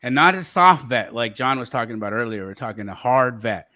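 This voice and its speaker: Energetic male host, joking banter, bright tense voice. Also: mid-range voice, brisk. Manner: joking, energetic, hyping the audience. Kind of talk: teaching session banter.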